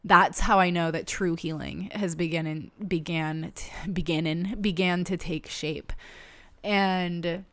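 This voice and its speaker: A woman with a lowish voice talks to her listeners in a raw, confessional podcast monologue. She is frank and casual and swears freely. The sound is dry and close, with no room around it. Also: fairly even intonation, unhurried, no echo. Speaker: podcast host. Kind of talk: candid personal podcast monologue.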